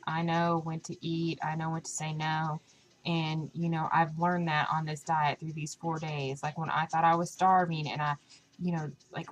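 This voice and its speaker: Chatty young woman, low voice. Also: poor audio. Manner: chatty, lots of fillers, retells quotes animatedly. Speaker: vlogger. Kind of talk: casual diet vlog chat.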